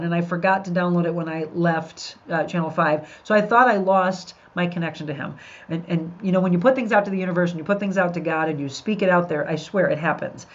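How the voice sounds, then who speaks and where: A middle-aged woman hosting a podcast, chatting upbeat and talking straight to her listeners. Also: on the low side. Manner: upbeat, addresses listeners directly. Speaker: podcast host. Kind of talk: live podcast chat with viewers. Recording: dull lo-fi sound.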